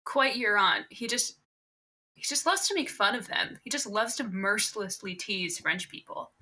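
A woman's voice: mid-range voice, expressive, moderate pace, sharp tone, breathy edge. A woman co-hosting a podcast, telling a family story in amused, casual chat. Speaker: podcast co-host.

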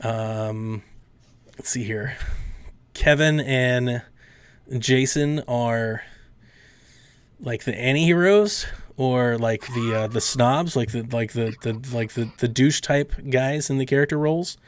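A man's voice: medium pitch, clean tone, no echo. Rambling man hosting a chatty podcast. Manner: rambling, acts out friends in quick voices. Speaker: podcast host. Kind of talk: casual podcast chat.

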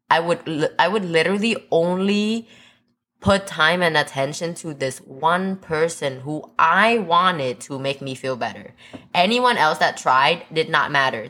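Podcast co-host, woman, low-pitched, sincere heart-to-heart delivery with lots of fillers. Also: a bit bright. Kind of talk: casual podcast chat.

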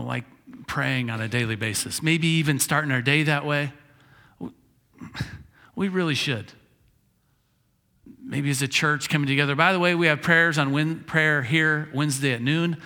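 The recording comes from a reverberant church hall, where a male pastor with a slightly high, pushed, bright voice relates a story in his sermon. He keeps it casual, chuckling and voicing the characters' lines himself.

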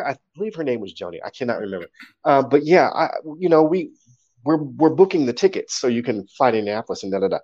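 Animated man telling a story, lo-fi. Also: mid-range voice, fast. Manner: animated, acts out quotes, swears casually. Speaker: interview guest, poet. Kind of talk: casual storytelling in an interview.

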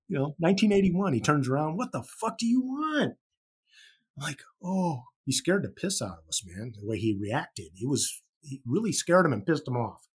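A man from Chicago, a rock musician guest, telling an animated story full of casual swearing and restarts. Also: a little high, slightly rough. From Chicago, USA. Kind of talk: anecdotal storytelling.

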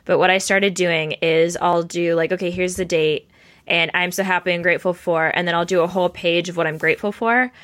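A woman's voice: lowish voice, steady tone, brisk, fairly bright tone. Here a woman hosts a podcast and chats with her guest in an upbeat, easy way. She talks ideas through on the spot as they come to her. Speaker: podcast host. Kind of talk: casual chat.

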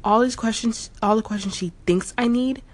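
A woman's voice: fairly high pitch, normal speed, natural voice. A woman voicing a wary, protective male house cat who asks anxious, stubborn questions in an audiobook story.

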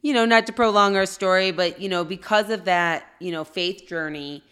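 A woman in her thirties tells a personal story in a relaxed, chatty way. Her voice sits a little low for a woman. She slips into the voices of the people in her story as she goes. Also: moderate pace, clear, resonant tone. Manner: animated, acts out quoted reactions. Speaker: podcast co-host. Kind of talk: casual storytelling.

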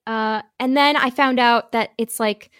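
A woman's voice: fairly high pitch, fairly even intonation, unhurried, fairly bright tone, smooth, no echo, clean studio sound. A young woman with a Midwestern accent chatting casually, rambling and self-deprecating with many restarts. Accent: Midwestern American. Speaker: actor and pianist. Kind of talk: casual chat.

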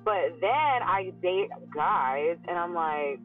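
A woman's voice: lowish voice, expressive, slow pace, few pauses, phone-quality sound. Woman musing on her own podcast, humming and quoting herself, sounds like it's through a phone, bit of music behind. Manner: musing, acts out her own thoughts in quotes, many hums. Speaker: podcast host. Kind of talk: casual solo monologue.

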